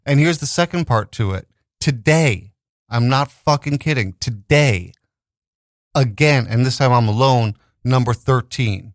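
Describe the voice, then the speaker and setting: Profane, animated male storyteller. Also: mid-range voice, unhurried, no room sound, studio quality. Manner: animated, profane, frequent restarts. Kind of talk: casual storytelling chat.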